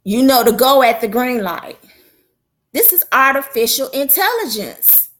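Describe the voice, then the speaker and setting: A woman's voice: high voice, big pitch swings, a little slow, fairly bright tone. A woman prophetess hosting her own show, giving a casual religious talk in a folksy, conversational way with a preaching lilt.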